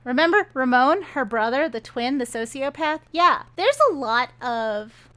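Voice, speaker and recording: Woman ranting about a book she hates, sarcastic and fed up, voice on the higher side. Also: expressive, a little slow, fairly bright tone. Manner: exasperated, sarcastic retelling. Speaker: book reviewer.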